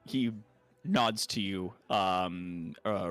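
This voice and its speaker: A man narrating a tabletop role-playing game as game master, often pausing on fillers. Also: fairly low pitch, no echo, faint music behind. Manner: lively, hesitant with fillers.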